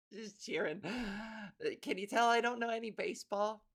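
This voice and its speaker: A woman's voice: medium pitch, normal speed, slightly rough. A woman podcast host and comedian doing a rambling, profane solo monologue. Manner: rambling, profane, self-interrupting.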